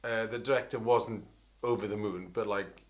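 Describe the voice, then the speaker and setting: A middle-aged Welsh man, an opera singer, telling an animated, rambling story and often interrupting himself. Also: on the low side, normal speed. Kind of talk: anecdotal storytelling.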